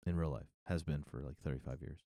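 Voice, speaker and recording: A man's voice: rumbling low, fairly even intonation, fast talker, dark tone, dry recording, studio quality. A man with a Philadelphia-area accent, co-hosting a movie podcast in a laid-back, casual way. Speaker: podcast co-host. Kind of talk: casual chat.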